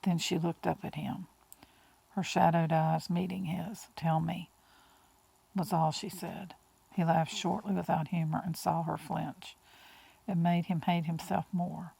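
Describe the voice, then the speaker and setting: A woman reading an audiobook in a slow, hushed way, with breathy whispered words. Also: fairly low pitch, little pitch movement, rough recording. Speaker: audiobook narrator. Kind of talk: audiobook narration.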